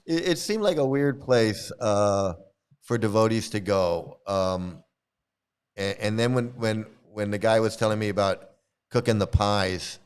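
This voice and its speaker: A middle-aged man with a low, smooth voice tells a loose, rambling story to his viewers. He chuckles often, restarts his sentences, and slips into the voices of the people he quotes. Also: takes it slowly, pauses often. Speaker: commentary video host, former devotee. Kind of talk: casual storytelling monologue.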